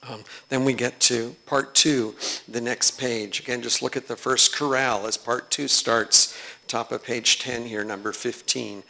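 A man teaching a text study, his voice bright and clear. He reads each passage at an unhurried, deliberate pace and thinks aloud between the readings, with plenty of ums. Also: medium pitch, fairly even intonation. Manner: slow, reflective reading with frequent fillers. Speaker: teacher leading a study of a sacred choral work. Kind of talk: guided lesson reading texts aloud.

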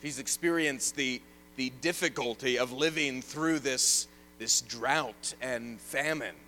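A man preaching an evening sermon and reading scripture aloud, earnest, rising loud and then dropping soft. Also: mid-range voice, slow pace, slight background noise, low-quality recording.

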